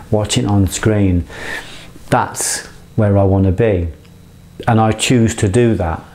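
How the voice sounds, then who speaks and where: Earnest, swearing middle-aged man, lowish voice. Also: warm tone. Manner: earnest, swears freely, rambling with restarts. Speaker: motivational speaker. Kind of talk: impassioned monologue.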